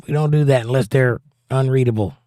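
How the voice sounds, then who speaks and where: A man's voice: medium pitch, brisk, warm tone, dry recording, studio quality. A man hosting a livestream in a casual chat, reading out viewer comments with a jokey, chatty manner.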